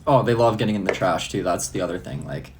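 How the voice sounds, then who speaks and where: Brief: young man, slightly low voice, relaxed profane live-stream chatter. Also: fast talker, noisy background. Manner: loose, profane, laughs often. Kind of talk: casual live-stream chat answering comments.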